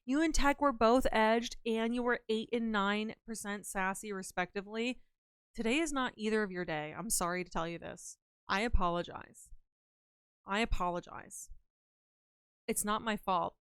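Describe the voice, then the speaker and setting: A woman's voice: on the high side, moderate pace, clear, resonant tone, no room sound, clean studio sound. A young woman livestreaming, chatting casually and playfully with her viewers in a rambling way. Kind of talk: casual chat with live viewers.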